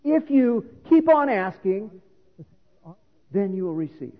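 A man's voice: high-pitched, big pitch swings, takes it slowly. A middle-aged man preaching a sermon, explaining scripture in an earnest, teaching manner. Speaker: pastor. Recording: reverberant hall on a phone-like line.

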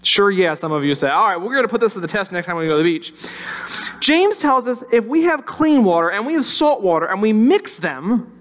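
A pastor with a notably high voice gives a children's sermon. He talks in a conversational way and keeps turning to the kids with questions. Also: very animated, brisk, a bit bright.

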